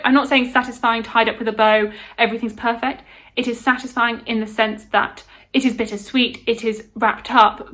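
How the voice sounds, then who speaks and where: A woman's voice: fairly high pitch, fairly bright tone. A British woman talking casually and enthusiastically to camera about a book series she loves, often repeating words for emphasis. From United Kingdom. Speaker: book reviewer. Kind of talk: casual book review vlog.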